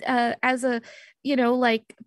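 Woman as timid young heroine, stammers and hushes, a bit higher than her own voice. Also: husky, no echo, clean studio sound. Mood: flustered. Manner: halting, stammering whisper. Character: shy, nervous young woman hero.

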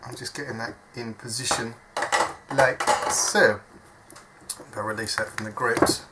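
A man's voice: mid-range voice, steady tone, a little slow, heavy background noise. A man talking through a soldering job at his workbench, chatty and self-mocking as he thinks aloud. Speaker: hobby electronics modder. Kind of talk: casual step-by-step workbench demonstration. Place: at a workbench indoors.

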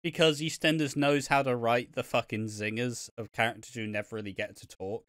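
A man's voice: mid-range voice, fairly even intonation, a little fast, a bit bright, dry recording, studio quality. A young man co-hosting a casual podcast, swearing often and laughing as he rambles about a soap. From Britain. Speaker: podcast co-host. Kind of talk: casual chat.

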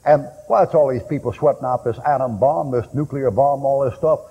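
A man preaching a fiery sermon in a folksy, blunt and joking way, with sudden shouts. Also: medium pitch, a little fast, slightly rough. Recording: dull old recording with long hall echo and faint hiss.

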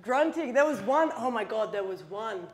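A woman guiding a workout, relaxed and often laughing in casual gym banter. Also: fairly high pitch, moderate pace. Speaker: guest trainer.

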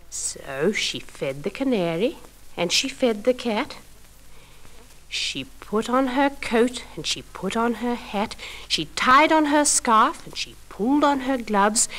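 Woman, children's storyteller, slow deliberate pace, lilting sing-song reading. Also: fairly high pitch, very animated, a bit bright, poor audio.

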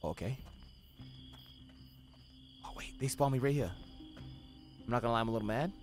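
A young man streaming a video game, giving profane running commentary that swings between low muttering and sudden yelling. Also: normal speed, faint music behind. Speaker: gaming streamer. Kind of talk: live gameplay commentary.

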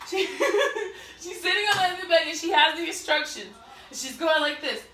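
A young adult woman telling a story from her own life in a casual chat, animated and laughing often, acting out what others said. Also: extremely high pitch, brisk, a little hiss or hum. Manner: animated, laughing, acts out quoted people loudly. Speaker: vlogger. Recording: echoey room, mic at a distance.

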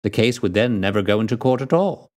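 A man voicing a calm, kindly detective who speaks in a measured, reassuring way. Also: lowish voice, lightly acted.

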